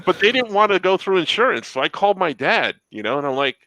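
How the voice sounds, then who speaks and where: A man's voice: high-pitched, sing-song, quick pace, crowd noise, poor audio. A man co-hosting a podcast, telling a story in a rambling, self-interrupting way and laughing often. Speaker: podcast co-host. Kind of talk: casual storytelling.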